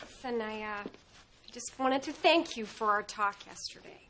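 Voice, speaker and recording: A woman's voice: on the high side, a little slow, sharp tone, slight background noise. A woman playing an earnest, self-absorbed sitcom sister. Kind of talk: sitcom acting.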